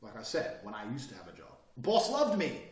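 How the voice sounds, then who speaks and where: Brash profane male course presenter, lively swinging delivery, echoey room, mic at a distance. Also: mid-range voice, a little fast. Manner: brash, profane, emphatic, mocks hesitant speakers. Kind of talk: lecture on body language and speaking. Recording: roomy echo, mic at a distance.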